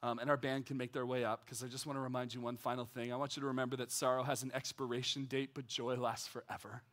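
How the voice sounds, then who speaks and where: A man preaching a sermon as a pastor, earnest and repetitive, moving between hushed, prayerful passages and rising intensity. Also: mid-range voice, flat delivery, fast talker. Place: church.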